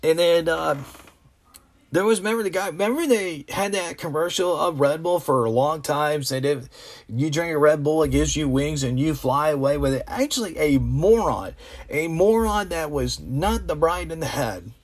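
A man's voice: on the high side, lively intonation, moderate pace. Rambling, exasperated man ranting. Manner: rambling, full of restarts and fillers; opinionated, exasperated. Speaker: vlogger. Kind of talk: casual rambling commentary.

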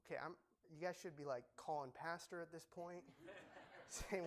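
A young man preaching a sermon in an animated, joking, emphatic way. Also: fairly high pitch, normal speed.

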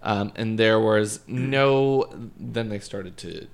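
Man, low gravelly voice, from scotland, casual storyteller, laughs between lines. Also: takes it slowly. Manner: reads a story aloud with asides, laughing.

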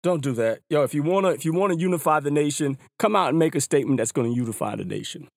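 A man hosting a podcast, talking casually and at length in an animated, slangy way, often repeating words. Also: a little high, fast, gravelly, no echo. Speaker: podcast host. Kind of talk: casual opinion monologue. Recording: hip hop music underneath. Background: hip hop music.

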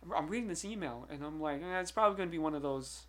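A young man co-hosting a podcast, telling a story in an excitable way and tripping over repeated words. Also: a little high, rapid-fire. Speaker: podcast co-host. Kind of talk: casual chat.

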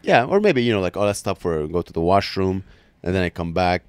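A man's voice: deep voice, big pitch swings, brisk, a little mellow, smooth. A man co-hosting a podcast, telling a story in casual chat and acting out the other people's lines. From Arab background. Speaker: podcast co-host.

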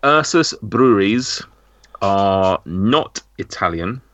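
A man's voice: fairly low pitch, animated, takes it slowly, fairly bright tone, no echo. A man hosting a casual podcast quiz, reading out answers in a jokey way with lots of fillers. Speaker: quizmaster host. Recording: dull lo-fi mic.

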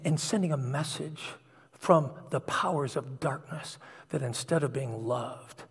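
A man's voice: medium pitch, slightly rough. A middle-aged man preaching a sermon, telling personal stories in an earnest, confessional way. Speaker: pastor. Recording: long hall reverb.

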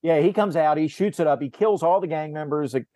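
A man's voice: on the high side, fairly quick, warm tone, no echo, clean studio sound. Man recapping a film, acting out quotes. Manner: rambling recap, acts out character lines, frequent restarts. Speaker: podcast host. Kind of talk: casual movie discussion.

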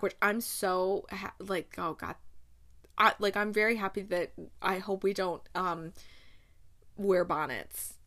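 A woman hosts a casual book-chat podcast in a bubbly, gushing way. She darts into quick asides and laughs often. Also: mid-range voice, sharp tone. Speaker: podcast host.

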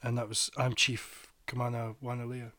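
Male radio co-host, mid pitch, casual, dry studio sound. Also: monotone, moderate pace, pushed and bright, no echo. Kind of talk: casual chat about records.

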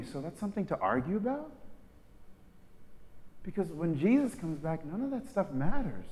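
A man delivering a sermon as a preacher in a casual, slangy way, swinging between loud emphatic lines and soft hushed asides. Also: high-pitched. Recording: long hall reverb.

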